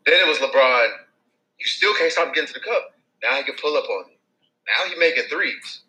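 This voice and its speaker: A man co-hosting a casual sports podcast, excitable and building his arguments with rising emphasis. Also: mid-range voice, brisk, low-quality recording. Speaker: podcast co-host.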